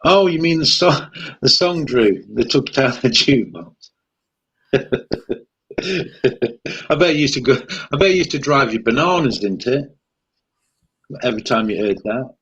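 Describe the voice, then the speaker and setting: A man's voice: medium pitch, expressive, measured pace, long pauses, fairly bright tone, slightly rough, highs cut off. A man co-hosting a casual live chat stream, teasing and easygoing in his banter.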